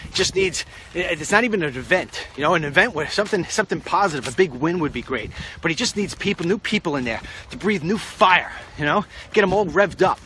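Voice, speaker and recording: Speaking on the high side, with an expressive, sharp tone and a slightly fast pace, a male political commentator walks outdoors. Traffic passes on the street as he rambles bluntly about politics straight to the camera, vlog-style.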